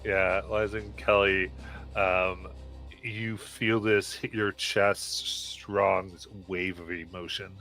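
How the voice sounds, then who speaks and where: A man's voice: low voice, flat delivery, takes it slowly, bright, forceful tone, faint music behind. A man running a tabletop role-play game as game master, rambling and stammering through restarts.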